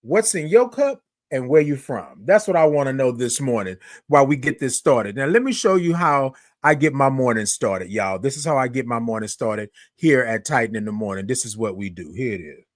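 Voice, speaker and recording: A man's voice: mid-range voice, expressive, brisk, few pauses, no room sound, studio quality. A man hosting a casual morning livestream, chatty and upbeat, greeting viewers by name and stretching out his good mornings. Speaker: livestream host. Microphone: microphone close to face.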